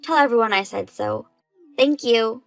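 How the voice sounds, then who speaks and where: A woman's voice: fairly high pitch, moderate pace, creaky, dry recording, rough recording. Smug, shameless bride-to-be read by a woman, plain voice, faint music. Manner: smug, unbothered.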